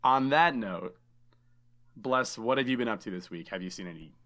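A man's voice: mid-range voice, animated, normal speed, fairly bright tone. Male podcast host, mid-range voice, inquisitive, casual. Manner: curious, asks lots of questions.

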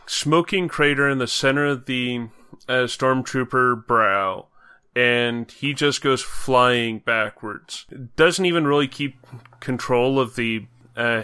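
A man running a tabletop role-playing game as game master, narrating the scene in a relaxed, vivid way. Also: medium pitch, smooth, dry recording.

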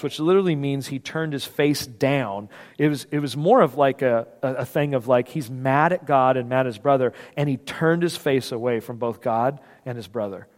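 A man preaches a sermon in a church hall, his fairly high voice trailing off into a long reverb. He tells stories with energy, acts out the voices in them, and drops to a hush for serious moments. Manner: animated storyteller, acts out voices, swings from loud to hushed. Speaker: pastor. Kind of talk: sermon with personal story.

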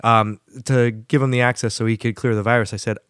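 A man's voice: mid-range voice, flat delivery, brisk, a bit bright, clear, resonant tone, no echo, clean studio sound. A man hosting a casual podcast, telling rambling stories and laughing often. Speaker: podcast host.

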